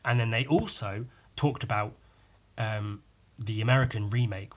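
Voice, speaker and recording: A man's voice: on the low side, moderate pace. A man hosting a casual solo podcast, rambling and self-mocking, with some swearing. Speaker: podcast host.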